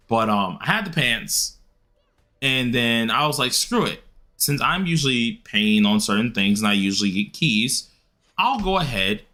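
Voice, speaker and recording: A young adult man chatting casually and rambling while he streams a game, leaping into high excited yelps. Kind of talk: casual gaming stream chat.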